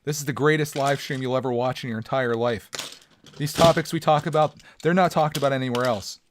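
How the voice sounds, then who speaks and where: A man's voice: medium pitch, a little fast, noisy background. Playful man chatting on a live stream. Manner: playful, joking, chatting with viewers. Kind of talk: casual live stream chat. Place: home.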